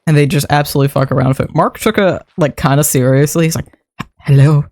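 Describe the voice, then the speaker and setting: Young adult streamer, casual livestream chat, rambling, laughs a lot, middling pitch, dry close mic. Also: fast talker, darkish tone, no echo. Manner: rambling and conversational, with frequent laughs and casual swearing. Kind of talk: casual livestream chat while building in a game.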